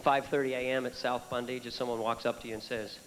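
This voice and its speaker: A man's voice: mid-range voice, quick pace. Middle-aged male comedian in a big hall. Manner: animated storytelling, jumps into voices and characters. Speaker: stand-up comedian. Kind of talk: stand-up comedy set. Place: large hall before a live audience. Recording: live hall with reverb and loud noise.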